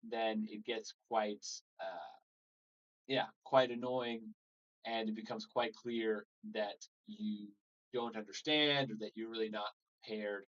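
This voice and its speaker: A man's voice: mid-range voice, lo-fi sound. A man teaching a live English lesson, explaining steadily and acting out sample phrases. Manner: relaxed explaining with example phrases, frequent "so" and "all right".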